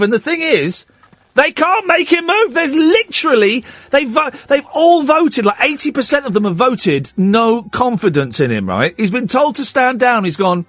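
Male phone-in host, high voice, sardonic late-night chat. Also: normal speed, no room sound. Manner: sarcastic, animated, laughs at own stories.

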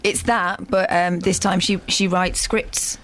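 A man's voice: high voice, flat delivery, measured pace, a crowd in the background. A man co-hosting a live radio show, with dry, teasing and cynical remarks. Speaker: radio co-host. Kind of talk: casual studio banter on live radio. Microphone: studio microphone.

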